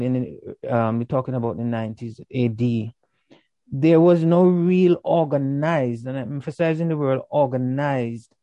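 A man's voice: mid-range voice, vocal fry, warm tone, dry recording. A man in a group bible discussion, speaking earnestly and emphatically while citing scripture. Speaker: bible study participant.

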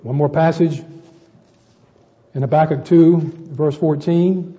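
A man's voice: on the high side, steady tone, slow, long pauses, warm tone, big-room sound, dull audio. A man preaching a sermon to a congregation, addressing them as brethren and often repeating words as he searches for the next.

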